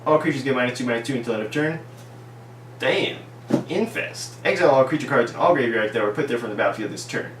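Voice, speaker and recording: A man's voice: mid-range voice, quick pace. A man reviewing trading cards in a casual, ironic way, reading out card text and heaping mock praise on every card. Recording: echoey room, distant mic, faint hum.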